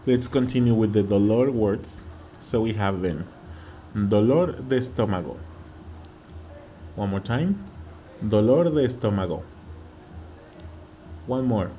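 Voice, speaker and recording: Soft music plays behind a man with a lowish, mellow, expressive voice who talks a little slowly, leaving long pauses. He's a Spanish teacher with a Mexican accent giving a slow vocabulary lesson, patiently repeating words and often asking "okay?".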